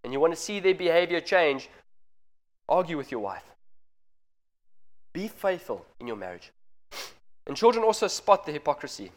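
Earnest man preaching, slightly high voice. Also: big pitch swings, moderate pace, long pauses. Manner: earnest, direct address to parents. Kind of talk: sermon.

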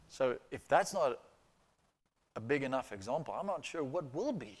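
A man's voice: medium pitch, expressive, normal speed. A pastor giving a sermon in a conversational, emphatic way, repeating points for stress and checking in with his listeners.

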